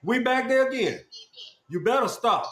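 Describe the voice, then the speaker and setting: High-pitched man mocking on an echoey call. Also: animated, normal speed. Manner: loud, mocking, repeats insults over and over. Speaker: podcast host. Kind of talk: heated argument on a group call. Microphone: group call.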